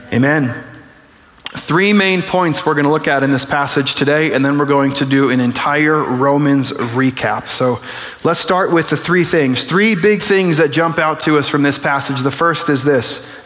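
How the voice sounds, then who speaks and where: Joking young pastor in a reverberant church. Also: male voice, mid-range voice, a bit bright. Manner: conversational, joking preacher who acts out little scenes. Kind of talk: sermon. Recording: long reverb of a large hall.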